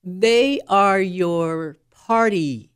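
On a talk show, a woman guest who works as a leadership coach explains communication styles in an animated, teacherly way. Her medium-pitched voice is clean in tone and very slow.

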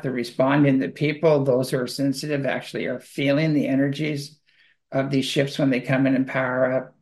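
A man on a talk radio show, rambling loosely with many fillers and restarts as he talks about spirituality. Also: medium pitch. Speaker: radio show guest speaking on spirituality and UFOs. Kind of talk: casual monologue.

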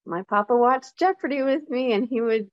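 A woman hosting her own show, telling a personal story in a casual, animated monologue that leaps up in pitch. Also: moderate pace, no room sound, highs cut off. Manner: animated storytelling with sudden high jumps. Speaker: show host.

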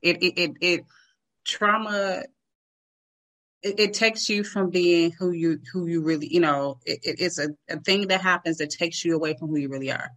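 A woman's voice: fairly low pitch, steady tone, normal speed, a bit bright. A woman being interviewed as a guest, speaking earnestly and often repeating words while she searches for them. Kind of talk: interview conversation.

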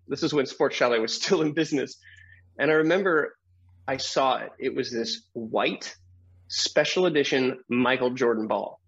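A middle-aged man, a guest on an interview show, telling a personal story in a lively way, acting out the voices of people in it and laughing often. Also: mid-range voice, normal speed, slightly rough, lo-fi sound.

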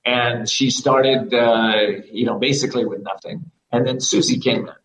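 A man's voice: mid-range voice, steady tone, moderate pace, fairly bright tone, reverberant, recorded from a distance, slight background noise, poor audio. A man hosting an interview, supportive and chiming in with short affirmations. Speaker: host. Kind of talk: casual interview.

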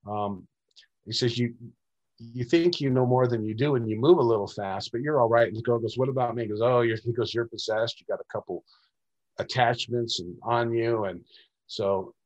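A man's voice: mid-range voice, normal speed, a little mellow, highs cut off. Man telling a rambling story. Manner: rambling storyteller, acts out quoted dialogue. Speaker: interview guest. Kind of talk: recounting personal experiences.

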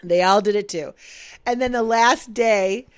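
A woman's voice: medium pitch, a little slow, clear, resonant tone. A woman who co-owns a business, animatedly telling a story in casual chat and acting out the dialogue. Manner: animated, acts out quoted dialogue. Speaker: business owner.

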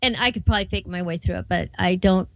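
A woman hosting a casual interview show, chatty and quick to laugh, often restarting her sentences. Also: lowish voice, a bit bright, dry recording, dull audio. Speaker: show host.

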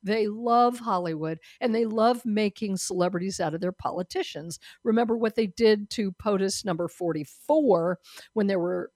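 A woman's voice: mid-range voice, moderate pace, a little mellow, no room sound, studio quality. A woman hosting a talk show, giving sardonic, opinionated commentary and laughing at her own jokes.

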